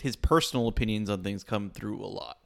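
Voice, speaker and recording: A man co-hosting a podcast in casual chat, talking in quick lively bursts and swearing casually. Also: lowish voice, creaky. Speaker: podcast co-host.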